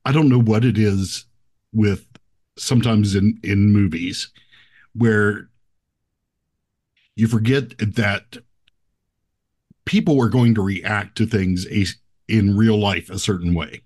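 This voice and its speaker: Low-voiced blunt man, halting chat. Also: steady tone, darkish tone, breathy edge. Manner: halting, restarts, blunt profanity. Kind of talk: casual movie review chat.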